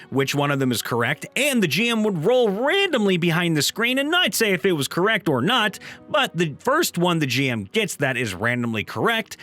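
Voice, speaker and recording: Animated man reading stories aloud. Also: sits high. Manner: animated, playful. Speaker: narrator reading viewer stories. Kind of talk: reading online comments aloud.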